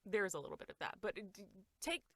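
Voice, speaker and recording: A woman voice actor in a casual podcast chat, talking fast and laughing often as she acts out quotes. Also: medium pitch, sing-song, fairly bright tone, dry recording. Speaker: voice actor guest.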